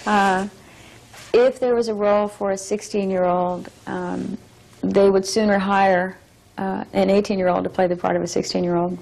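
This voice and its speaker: A young adult actress speaking as an interview guest, thoughtful and measured, reflecting on her work. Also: medium pitch, gravelly, a little mellow, rough recording.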